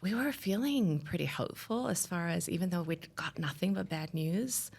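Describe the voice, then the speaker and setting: Woman, 30s, podcast guest; low, strongly gravelly voice, earnest, rambling delivery. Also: normal speed, darkish tone. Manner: earnest, rambling with many restarts and fillers. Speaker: guest telling her story. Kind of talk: podcast interview, personal story.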